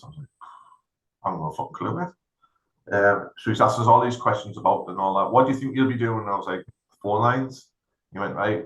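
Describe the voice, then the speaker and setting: A middle-aged man, a veteran co-hosting a podcast, telling a story in a casual chat and acting out the other people in it. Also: on the low side. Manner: animated anecdote-telling, acts out other people's lines. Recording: roomy echo.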